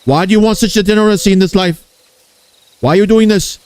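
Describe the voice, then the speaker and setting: A man's voice: fast, a little mellow, clean tone, no echo, lightly acted. A man doing an Indian-accented impression of a prudish, scolding man who rants and repeats insults. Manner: shrill, ranting, repeats insults.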